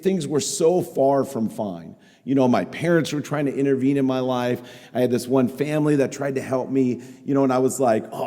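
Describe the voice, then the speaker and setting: A man's voice: mid-range voice, darkish tone. Man telling his story in a reverberant hall. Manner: candid, self-mocking storytelling with quoted dialogue. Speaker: speaker at a recovery meeting. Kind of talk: personal testimony talk. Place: meeting hall.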